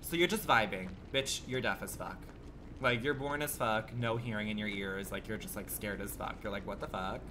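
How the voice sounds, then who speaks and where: A man's voice: on the low side, normal speed, noisy background. A man livestreaming a game, chatting with his viewers in a sassy, campy, profane way, full of rambling rhetorical questions. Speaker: gaming livestreamer. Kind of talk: casual stream chat.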